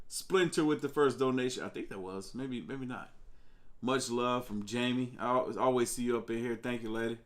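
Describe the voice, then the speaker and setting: A man's voice: medium pitch, steady tone, normal speed. A man hosting a live stream in casual chat, loose and chatty as he greets viewers by name. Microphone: desk microphone.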